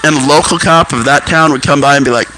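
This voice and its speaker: A man's voice: fairly high pitch, quick pace, over music, poor audio. A man in his thirties telling rambling personal stories, often losing his thread. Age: 30s. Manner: digressive, loses his thread mid-story.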